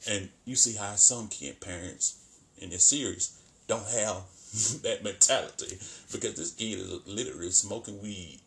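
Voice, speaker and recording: Male vlogger, low-ish voice, loose colloquial recap, laughs a lot. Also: measured pace. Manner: animated, colloquial, laughs often. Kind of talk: casual commentary.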